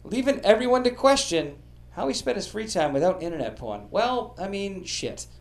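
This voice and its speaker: A man's voice: high-pitched, sing-song, normal speed, vocal fry. A man hosting a podcast, telling comedic history stories with a profane, joking delivery. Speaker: podcast host.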